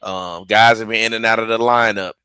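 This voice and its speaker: Bright-voiced man, argumentative co-host. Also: lowish voice, fairly even intonation, brisk, smooth, no room sound. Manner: argumentative, then steering topics like a moderator. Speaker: podcast co-host. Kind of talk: casual sports talk.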